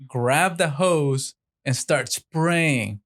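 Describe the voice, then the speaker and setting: A man co-hosting a podcast, telling an animated story in casual chat, acting out quotes and laughing often. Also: a little high, drawn-out words.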